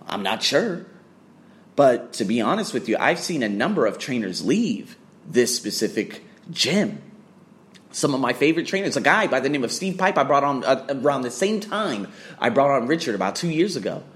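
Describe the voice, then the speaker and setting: A man's voice: mid-range voice, very animated, moderate pace, a bit bright. A man ranting bluntly to camera about business, swearing often and firing off rhetorical questions. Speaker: fitness trainer.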